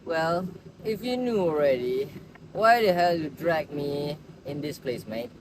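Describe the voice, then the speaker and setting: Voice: medium pitch, expressive, a little slow, noisy background, natural voice. A performer voicing a brash, swaggering male gangster who blusters, sneers and swears a lot. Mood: sly. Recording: music clearly underneath.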